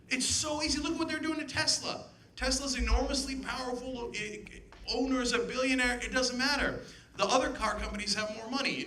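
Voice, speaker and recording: Fiery, bright-voiced man giving a speech. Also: sits high, a little hiss or hum. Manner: emphatic, sarcastic rhetorical questions. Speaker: political commentator giving a speech. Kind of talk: impassioned public speech. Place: event hall with audience.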